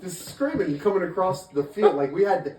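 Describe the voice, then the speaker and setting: A man's voice: sits high, a little fast, a crowd in the background. A man telling a rambling, laughing story to family and friends, full of fillers. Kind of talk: casual anecdote told to friends. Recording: roomy echo from a distant mic.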